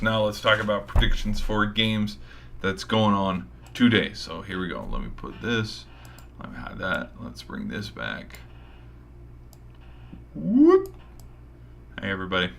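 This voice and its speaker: A man's voice: low voice, wildly swooping pitch, unhurried, creaky, long pauses, a bit bright, slight background noise. A man hosting a sports show, rambling through casual game predictions with hype and mild swearing, his voice a little tired. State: tired, voice giving out.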